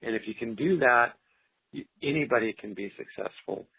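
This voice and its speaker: The producer's medium-pitched voice carries vocal fry and a breathy edge at a normal speed, with no echo. He talks casually in the interview in an earnest, encouraging, faith-driven manner, heard over dull, lo-fi remote audio.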